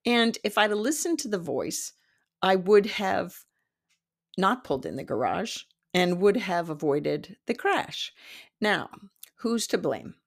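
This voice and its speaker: A woman in her fifties, a psychic development teacher, telling a personal story in casual talk, animated, laughing often and acting out what people said. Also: medium pitch, takes it slowly, gravelly. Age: 50s. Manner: animated, laughs often, acts out quoted dialogue.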